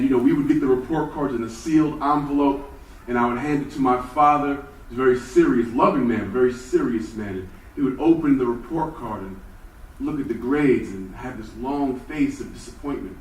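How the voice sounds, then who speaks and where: A man giving a personal motivational talk, telling his story and moving between hushed and emphatic moments. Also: mid-range voice, moderate pace. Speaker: speaker. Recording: roomy hall from far off with faint ambience.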